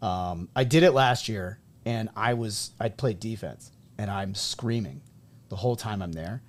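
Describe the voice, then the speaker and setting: A man in his thirties from New England, hosting a casual podcast conversation and telling stories in an animated way. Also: on the low side, a little slow. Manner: animated storyteller, acts out quoted people. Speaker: podcast host and high school coach.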